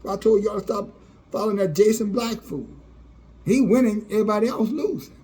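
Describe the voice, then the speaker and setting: A man's voice: high voice, fairly quick, dark tone. Scornful, mocking male preacher. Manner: scornful, sarcastic, laughs often, profane. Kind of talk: fiery mocking sermon.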